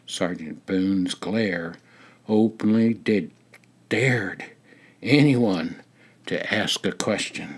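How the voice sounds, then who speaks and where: Slow, deliberate older male memoir reader. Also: sits low, husky. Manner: measured, deliberate storytelling. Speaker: memoir narrator. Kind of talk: reading a personal memoir.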